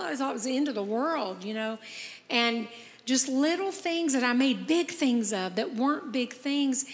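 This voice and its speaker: A woman in her fifties with a slightly high voice hosts a podcast, recorded in a large hall. Her casual, heartfelt chat is earnest and encouraging, and she shares personal stories.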